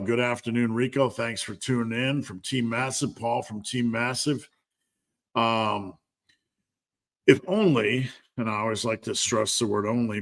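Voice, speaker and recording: A man hosting a live stream Q&A as a strength coach, talking candidly and bluntly with lots of fillers. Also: fairly low pitch.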